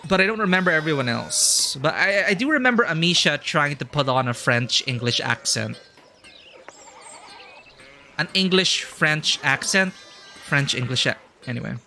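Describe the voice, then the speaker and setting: A man's voice: fairly high pitch, expressive, moderate pace, gravelly, pushed and bright, slight background noise. A man streaming a story game, chatting casually and thinking aloud with lots of fillers. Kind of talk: casual live-stream chat.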